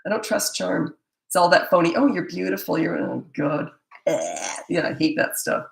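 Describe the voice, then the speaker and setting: A woman's voice: fairly low pitch, big pitch swings, unhurried, gravelly. A middle-aged woman, a parenting coach, answering viewer questions in a blunt, emphatic and opinionated way. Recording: echoey room.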